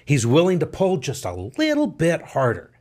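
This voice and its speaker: A man's voice: a little high, wildly swooping pitch, moderate pace, a little mellow. A man co-hosting a podcast, telling a folksy story and reflecting on it in casual chat. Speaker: podcast co-host.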